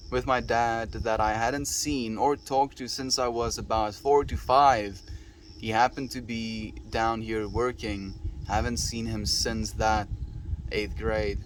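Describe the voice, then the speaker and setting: A man's voice: fairly low pitch, slight background noise. A man livestreaming, chatting with his viewers in an earnest, affectionate, reflective way. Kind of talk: casual chat with live viewers.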